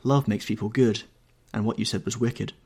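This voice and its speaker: A man's voice: on the low side, steady tone, normal speed, darkish tone, slightly rough. A man reading an audiobook, voicing a lovestruck young actress in a raised, breathless, rapturous tone. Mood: coaxing.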